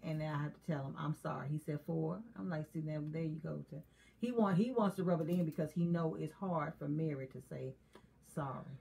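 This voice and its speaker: A woman's voice: low-pitched, a little fast, vocal fry, mellow. A woman co-hosting a casual chat who talks candidly and confessionally and often laughs. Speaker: co-host.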